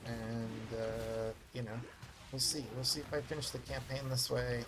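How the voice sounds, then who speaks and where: A man's voice: mid-range voice, monotone, unhurried, noisy background. Rambling man streaming a game. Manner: rambling, filler-heavy and self-mocking. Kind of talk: casual live-stream chat.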